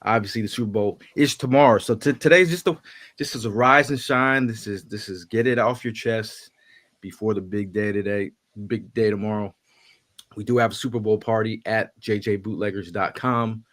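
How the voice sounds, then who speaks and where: Upbeat low-voiced man hosting a podcast. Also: normal speed, a bit bright. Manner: upbeat, hype-building, repeats words. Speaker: podcast host. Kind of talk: casual sports podcast chat.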